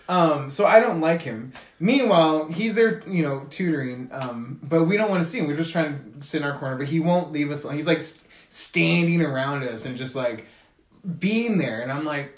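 Animated, profane young man in an echoey room. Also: on the high side, normal speed. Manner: profane, animated storytelling with mimicked quotes. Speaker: podcast co-host. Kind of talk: casual podcast chat.

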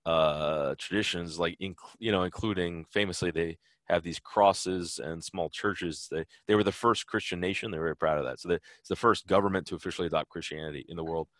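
A man's voice: low-pitched, steady tone, fairly quick, hardly any pauses, a bit bright, no echo, studio quality. A man answering interview questions in a loose, rambling way, full of fillers and restarts. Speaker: interview guest, traveler. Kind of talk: casual conversational interview.

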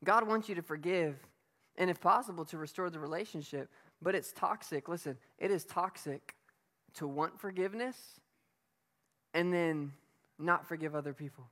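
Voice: medium pitch, normal speed, fairly bright tone. A preacher giving a sermon in an emphatic, conversational way, asking the listeners rhetorical questions. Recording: long reverb of a hall.

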